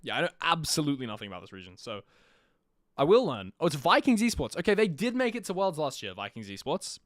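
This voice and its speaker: A young man live-streaming his own commentary on an esports match, chatty with jokey asides and bursts of energetic play-by-play. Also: on the high side, quick pace, dry recording, studio quality.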